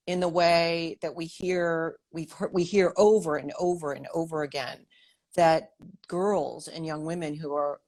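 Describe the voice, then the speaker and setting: A woman hosting a political interview, talking thoughtfully with many restarts. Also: sits low. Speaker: host. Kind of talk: interview talk.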